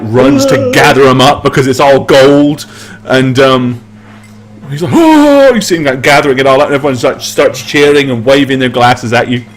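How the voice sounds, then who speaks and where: A man narrating as game master, chatty and animated, and he laughs easily. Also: mid-range voice.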